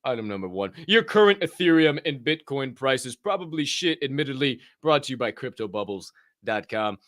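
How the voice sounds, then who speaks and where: A young man hosting a livestream podcast, loud and joking, swearing freely and laughing at himself. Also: mid-range voice, very animated, normal speed, no room sound, clean studio sound. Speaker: podcast host. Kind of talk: loose, profane livestream chat.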